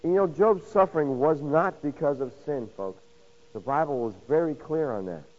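A man delivers a sermon in a voice pitched a touch high. He swings between loud, emphatic lines and soft, intimate ones, and acts out quoted voices with rhetorical questions. The sound is muffled and lo-fi, like an old radio broadcast. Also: moderate pace. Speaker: pastor.

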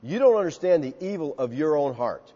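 A man's voice: on the high side, sing-song, fairly quick, dark tone. A male pastor preaching an expository sermon in an emphatic, conversational way, acting out quotes. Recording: muffled sound with long hall reverb.

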